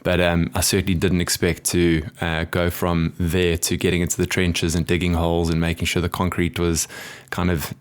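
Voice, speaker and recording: A middle-aged man with a South African accent, telling his story as a guest in a casual interview, relaxed and unhurried. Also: sits low, smooth. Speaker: guest contractor.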